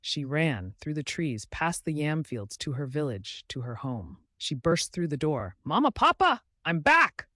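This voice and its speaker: A man narrating a folktale in a dramatic, measured way. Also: medium pitch, animated, no echo, studio quality. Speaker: storyteller.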